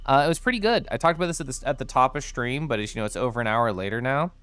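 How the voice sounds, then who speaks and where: Chatty male streamer, bubbly and giggly, very expressive pitch, smooth clear voice. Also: racing, no echo. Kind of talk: casual livestream chat over gameplay.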